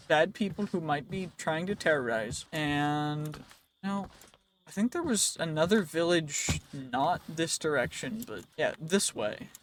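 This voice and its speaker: On the high side and slightly worn, this young man's voice rambles through jokey self-talk as he comments casually on a game for his let's play, with slight background noise.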